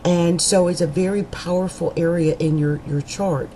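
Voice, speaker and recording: A woman's voice: fairly low pitch, fairly even intonation, normal speed, warm tone, slight background noise, poor audio. A woman astrologer giving a monthly horoscope reading in a chatty, meandering way, with frequent fillers and restarts.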